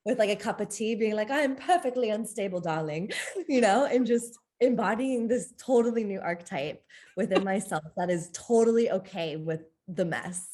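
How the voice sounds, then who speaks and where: A woman speaking as a podcast guest in a candid interview, open and expressive, often breaking into laughter. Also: medium pitch, normal speed.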